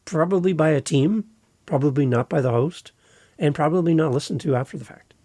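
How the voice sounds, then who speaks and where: Husky-voiced Canadian man hosting a podcast. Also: on the high side, no echo, studio quality. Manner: conversational, expressive pacing with deliberate pauses. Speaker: podcast host and editor. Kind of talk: solo podcast talk.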